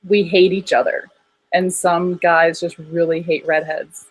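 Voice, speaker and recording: A woman's voice: lowish voice, little pitch movement, a little slow, no echo, low-quality recording. A woman in casual chat on a stream, blunt and teasing.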